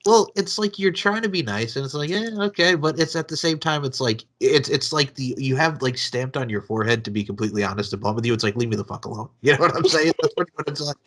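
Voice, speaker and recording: A man's voice: mid-range voice, fast talker, few pauses, a bit bright. A man hosting a podcast, talking in an emphatic, profane way and often checking in with his guest. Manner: emphatic, profane, keeps saying "you know what I'm saying". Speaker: podcast host. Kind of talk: casual chat.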